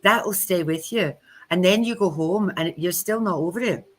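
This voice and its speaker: A woman's voice: lowish voice, moderate pace. A woman co-hosting a live spiritual chat, telling chatty anecdotes and acting out the quoted speech. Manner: chatty storyteller who acts out quoted speech. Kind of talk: casual live-stream talk.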